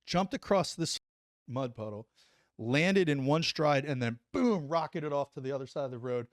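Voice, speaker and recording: A middle-aged man and former soldier telling a story on a podcast, animated, acting out what people said and saying "like" often. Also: fairly high pitch, moderate pace, no echo, clean studio sound. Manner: animated, acts out quotes, says "like" a lot. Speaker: podcast guest, former Army Ranger. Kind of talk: casual storytelling.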